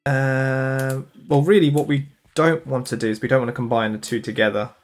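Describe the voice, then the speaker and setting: A man's voice: medium pitch, little pitch movement, normal speed, soft background music. Young british guy streaming, chatty, laughing a lot and answering chat, voice right in the middle. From United Kingdom. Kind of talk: casual chat while gaming.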